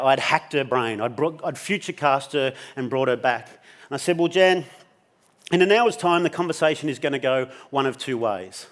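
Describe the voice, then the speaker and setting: A man delivering a keynote as a lively story, his voice sitting a touch high for a man. He is animated and blunt, swears freely, and slips into the voices of the people he describes. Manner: animated, swears casually, acts out dialogue. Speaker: keynote speaker.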